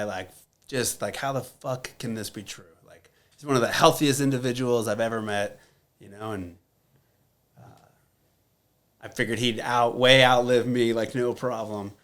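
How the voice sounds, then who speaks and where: A podcast guest in his thirties tells a personal story bluntly and candidly, swearing often and leaning on plenty of fillers. His voice is medium-pitched.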